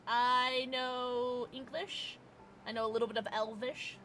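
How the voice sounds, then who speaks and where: A woman's voice: a little high, fairly even intonation, moderate pace, a bit bright, a little hiss or hum. A woman streamer chatting casually with her live viewers, giggling often as she reacts to the chat.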